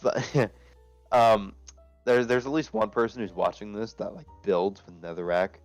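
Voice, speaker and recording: A man's voice: fairly low pitch, unhurried, dry recording, faint music behind. A young man chatting as a guest in a casual online interview, rambling and swearing freely over a headset.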